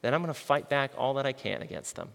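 Lively-voiced male preacher in a hall. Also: mid-range voice, fast talker, gravelly. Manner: conversational, asks the audience questions. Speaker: pastor. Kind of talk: sermon.

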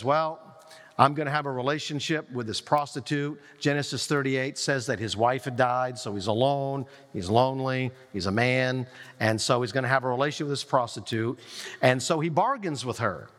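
A man preaching a sermon, retelling a scripture story in a lively way with quoted lines. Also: medium pitch. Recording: long reverb of a large hall.

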